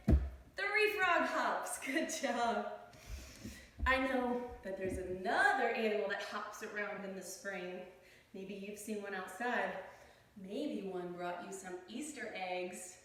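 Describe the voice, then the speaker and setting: A woman's voice: on the high side, a bit bright, very echoey, far from the mic, a little hiss or hum. A woman guiding a children's yoga class, playful and encouraging as she demonstrates poses. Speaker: kids yoga teacher.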